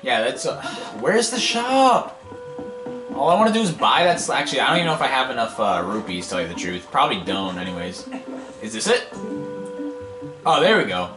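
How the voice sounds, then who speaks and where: A man's voice: medium pitch, big pitch swings, a little fast, long pauses. A man giving casual, rambling gameplay commentary as a let's play host, impatient and wisecracking. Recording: echoey room, game music behind.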